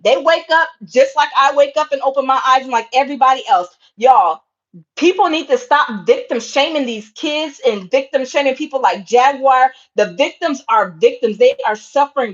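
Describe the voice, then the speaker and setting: High-voiced impassioned woman commentator. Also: dull audio. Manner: impassioned, repetitive, keeps addressing viewers as y'all. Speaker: online commentator. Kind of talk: casual livestream commentary.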